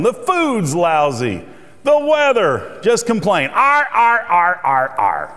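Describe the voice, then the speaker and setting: A middle-aged male keynote speaker tells jokes and anecdotes on stage. His voice is a little high and very lively, rising and falling as he works the crowd. The conference hall adds a long, ringing echo. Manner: storytelling, joking. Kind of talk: humorous motivational speech. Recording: reverberant hall.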